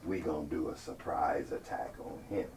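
A man's voice: extremely low pitch, moderate pace, a little mellow, pitched below the performer's own voice. A man preaching acts out an angry, scheming king who commands his army, recorded from a distance. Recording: distant mic, faint ambient noise.

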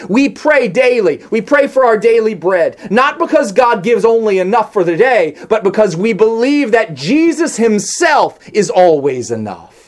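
A preacher delivering a sermon, building through strings of rhetorical questions and slowing down hard on key phrases. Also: medium pitch, big pitch swings. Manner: swings between soft hushed lines and raised emphatic ones; slows down sharply on key phrases.

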